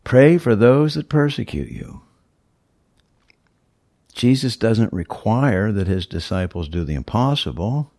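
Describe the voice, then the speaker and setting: Guy preaching a sermon, lowish voice, dry close sound, really stresses the key words. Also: very animated, a little slow, pauses often, a little mellow, dry recording. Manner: teacherly, emphatic, walks through scripture verse by verse. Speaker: pastor.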